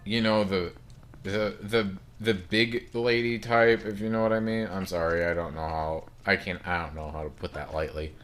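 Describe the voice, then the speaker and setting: A man's voice: sits low, fairly even intonation, moderate pace, a bit bright. A man giving casual gameplay commentary, rambling and apologetic, often putting himself down. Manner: rambling, apologetic, self-deprecating. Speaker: let's play gamer.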